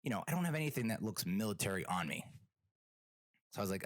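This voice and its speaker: A man's voice: on the low side, lively intonation, quick pace, no room sound. A man hosting a solo comedic podcast, telling a rambling, self-deprecating story with exasperated asides. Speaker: podcast host.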